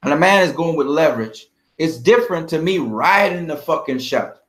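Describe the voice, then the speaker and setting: A man's voice: on the high side, expressive, moderate pace. A man vlogging about boxing in a heated, profane, confrontational rant. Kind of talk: ranting fight commentary.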